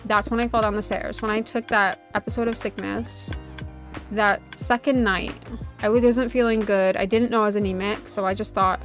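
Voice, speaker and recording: A woman's voice: medium pitch, fairly even intonation, normal speed. Chatty woman streamer telling a story. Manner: chatty storytelling, full of "like" fillers. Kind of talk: casual chat while streaming a game. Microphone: desk USB microphone. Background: faint background music.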